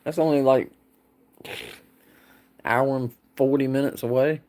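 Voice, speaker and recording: A man's voice: mid-range voice, steady tone, unhurried, dark tone. Folksy man chatting. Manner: rambling, laughs often, folksy. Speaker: livestream host. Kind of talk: casual livestream chat answering viewers.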